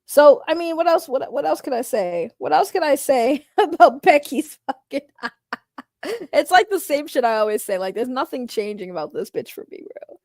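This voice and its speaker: A woman's voice: sits high, animated, normal speed, darkish tone, dry recording. A woman streamer ranting in casual commentary, heated and profane, repeating her points.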